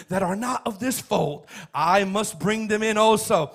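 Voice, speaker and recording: Male pastor mid-sermon, high and bright, emphatic, loops back on his points and climbs into shouting. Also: lively intonation, normal speed. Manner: emphatic, repetitive, builds to shouts.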